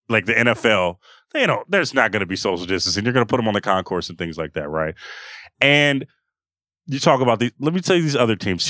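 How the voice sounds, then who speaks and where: A young man co-hosting a sports podcast, talking fast and heated, often restarting his sentences. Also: on the low side, fairly bright tone, dry recording. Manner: impassioned, ranting with many restarts. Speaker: podcast co-host. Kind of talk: casual sports chat.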